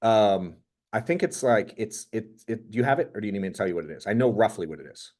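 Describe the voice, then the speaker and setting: A man hosting as a business coach, giving a casual motivational talk to a group in an energetic, rambling, profane storytelling way. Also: on the low side, fast.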